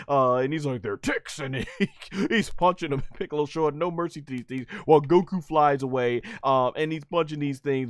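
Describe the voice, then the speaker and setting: Young male reviewer, a little high-voiced, eager and giggly play-by-play, dry close-miked sound. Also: no echo. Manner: excitable, laughs often, blow-by-blow retelling. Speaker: anime episode reviewer. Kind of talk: casual recap commentary.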